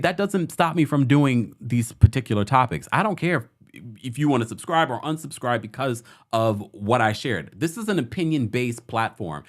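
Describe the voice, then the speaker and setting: A man hosting a casual online talk show, chatting and laughing often as he gives his opinions. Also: medium pitch. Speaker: host. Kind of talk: casual chat.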